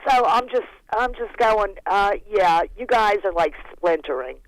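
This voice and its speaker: A woman from Pennsylvania calling in to a radio show, talking in an animated, incredulous way. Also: mid-range voice, unhurried, no room sound, rough recording. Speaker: caller. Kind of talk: call-in radio chat.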